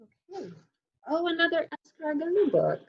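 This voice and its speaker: Middle-aged librarian lady chatting about books, gravelly voice, kinda muffled lo-fi audio. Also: extremely high pitch, sing-song, unhurried. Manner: friendly, chatty, laughs often. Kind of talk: casual book unboxing chat. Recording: muffled lo-fi sound.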